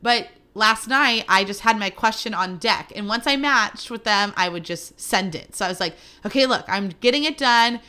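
A woman around thirty hosting a podcast, chatting casually and telling animated stories with quick asides. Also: mid-range voice. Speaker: podcast host. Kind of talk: casual solo podcast chat.

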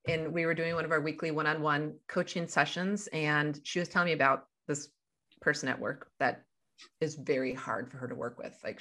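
A woman's voice: sits low, fairly bright tone. A woman guest on a podcast interview, a life coach talking over a video call and explaining through everyday examples.

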